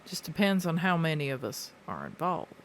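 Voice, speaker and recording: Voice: medium pitch, huge pitch swings, moderate pace, fairly bright tone. A terse mercenary who cares only about the reward, voiced by a tabletop player. The delivery is blunt and businesslike, and faint background noise sits under the voice.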